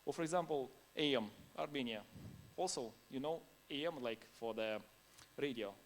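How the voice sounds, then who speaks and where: A man's voice: mid-range voice, moderate pace, slight background noise. A man giving a conference talk in non-native English, informal and anecdotal, laughing now and then between points. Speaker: conference speaker.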